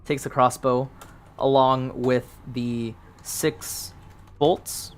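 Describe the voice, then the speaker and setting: A man's voice: mid-range voice, fairly even intonation, extremely slow, clean tone. A man casually narrating a solo tabletop game, thinking aloud through dice rolls with plenty of ums.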